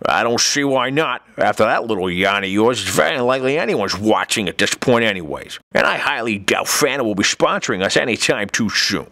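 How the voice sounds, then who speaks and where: A man's voice: on the low side, animated, a little fast, hardly any pauses, sharp tone, dry recording. A man voicing an exasperated, foul-mouthed male cartoon therapist with a sarcastic delivery. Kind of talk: cartoon comedy voice acting.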